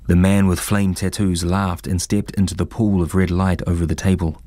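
Deep-voiced man reading a story. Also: steady tone, normal speed, warm tone, no room sound. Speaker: narrator.

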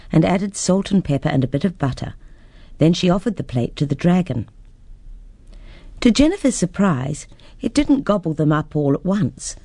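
Kiwi woman reading a kids story, low husky voice, very up and down. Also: dry recording. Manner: lively expressive reading.

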